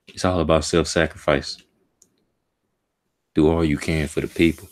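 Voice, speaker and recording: Very deep-voiced man reacting live. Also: little pitch movement, moderate pace, pauses often. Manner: emotional, slang-heavy, talks to himself while reading. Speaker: streamer reacting to a manga chapter. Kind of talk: casual live reaction commentary.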